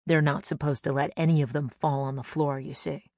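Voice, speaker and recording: A woman's voice: deep voice, steady tone, brisk, darkish tone, no echo, studio quality. A comedian telling a personal story in a chatty way, sometimes acting out the voices of people she quotes. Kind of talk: anecdotal storytelling.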